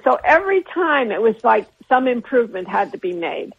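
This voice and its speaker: A woman's voice: on the high side, very animated, a little fast, gravelly, few pauses, breathy edge. An older woman, a guest artist in an interview, telling long rambling anecdotes with restarts and bits of laughter. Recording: phone-line interview on radio.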